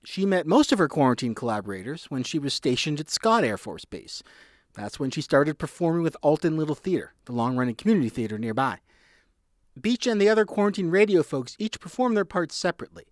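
A man reporting a news feature, reading a script in a clear, measured way. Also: fairly high pitch, very animated, no echo, studio quality.

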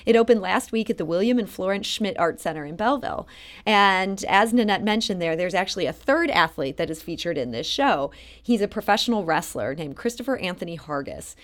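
A woman hosting an interview, giving measured introductions and asking questions. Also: lowish voice, animated. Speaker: radio host. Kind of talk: interviewing guests.

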